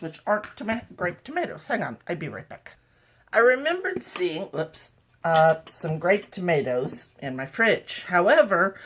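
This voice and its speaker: Here a woman with a lowish voice chats casually about cooking, with a little hiss or hum on the recording. She's a home cooking vlogger talking wryly to camera in her kitchen as she cooks, slipping in jokes along the way.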